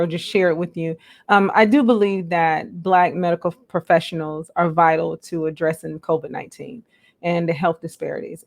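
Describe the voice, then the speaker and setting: Earnest low-voiced woman host. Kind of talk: live-stream chat.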